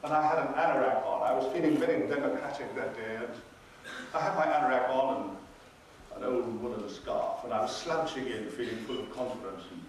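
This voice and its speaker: A man's voice: medium pitch, brisk. A man telling a humorous anecdote as a convention panel guest, in a wry, theatrical storytelling manner. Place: large convention hall. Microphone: far from the mic. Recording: distant, very echoey hall with noise.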